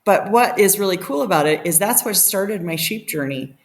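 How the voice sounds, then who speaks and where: A middle-aged woman telling a story as a podcast guest, animated and laughing, acting out the quotes. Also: mid-range voice, normal speed. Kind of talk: casual storytelling.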